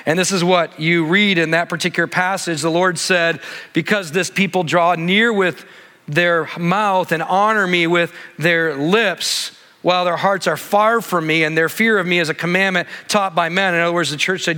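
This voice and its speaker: A man preaches in a church sanctuary, his voice high and bright. He talks conversationally and builds to animated emphasis. A long hall reverb trails his words. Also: moderate pace. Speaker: pastor. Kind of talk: expository sermon.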